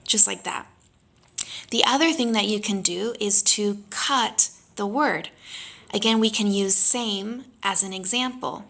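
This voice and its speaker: A woman teaching pronunciation, patiently modelling drawn-out vowel sounds for learners to repeat. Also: medium pitch, creaky, fairly bright tone. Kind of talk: slow instructional lesson.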